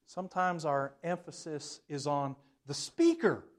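A man with a notably high voice leads a Bible class. He reads verses aloud with stress on key words, then puts questions to the group. His level swings widely, sometimes dropping almost to a murmur. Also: expressive, moderate pace. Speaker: preacher.

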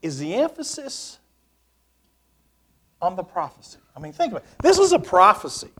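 A high-pitched man preaching with a very lively, rising and falling voice. He reads scripture aloud and swings from loud emphasis down to hushed, almost whispered lines. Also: normal speed. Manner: reads scripture aloud in King James wording. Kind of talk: sermon with scripture reading.

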